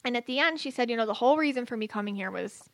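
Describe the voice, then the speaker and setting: Chatty woman psychic with a high voice. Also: very fast, no room sound. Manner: chatty, animated, laughs often. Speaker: psychic podcast co-host. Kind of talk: casual chat and storytelling.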